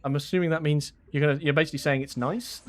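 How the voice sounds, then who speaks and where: A man's voice: a little high, fairly even intonation, fast. A young man from England chatting casually on a live game stream, laughing often and answering his chat. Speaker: gaming streamer.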